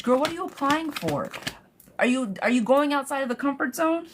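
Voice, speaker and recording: Speaking fairly quickly in a high voice with background noise behind her, a woman reads tarot on a live stream. She's chatty and blunt with viewers' questions, curses freely, and calls people girl and love bug. Her rants build up before she settles herself again.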